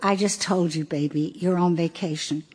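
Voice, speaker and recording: A woman's voice: on the low side, steady tone, moderate pace, darkish tone, husky. A woman voicing a tired, slightly drunk mother, talking in a weary, soothing way. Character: tired, tipsy young mother.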